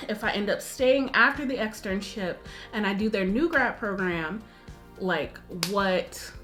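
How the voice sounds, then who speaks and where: Chatty young woman telling a story. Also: mid-range voice. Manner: chatty, animated, full of "like" and acted-out quotes. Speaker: nursing student vlogger. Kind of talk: casual storytelling to camera.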